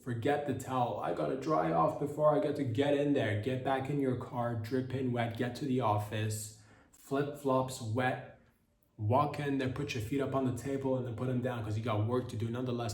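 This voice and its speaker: A man's voice: mid-range voice, darkish tone. Man preaching absurd mock-motivational comedy, roomy echo. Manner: mock-motivational, preachy and absurd, slips into silly quoted voices. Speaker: comedy podcast host. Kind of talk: rambling comic monologue. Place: hot indoor room.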